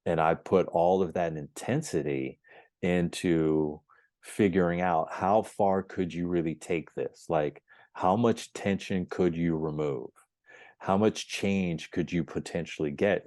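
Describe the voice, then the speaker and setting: A man on a podcast telling his story as the guest, animated, acting out the dialogue as he goes. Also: deep voice, no room sound, studio quality. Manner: emphatic and repetitive phrasing. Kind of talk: storytelling in an interview.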